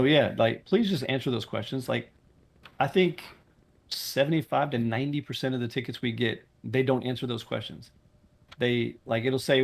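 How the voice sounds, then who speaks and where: A man's voice: mid-range voice, creaky. A man running an online game server meeting, firm and blunt and swearing when annoyed, speaking into a voice chat mic. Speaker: game server owner leading a staff meeting. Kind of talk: casual online meeting talk.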